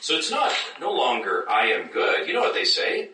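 A man preaching a sermon as pastor, animated, acting out doubters in high mocking voices. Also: moderate pace, hardly any pauses, a little hiss or hum. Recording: echoey room, mic at a distance.

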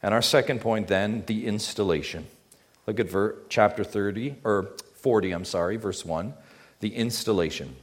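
A man's voice: fairly low pitch, normal speed. A man preaching a sermon as pastor, emphatic, drawing the congregation in with rhetorical questions he answers himself.

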